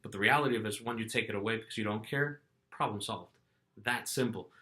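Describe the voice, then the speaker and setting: Bright-voiced middle-aged man telling a story. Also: fairly low pitch, fast. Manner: animated, acts out quotes with restarts. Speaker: vlogger. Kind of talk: casual storytelling monologue.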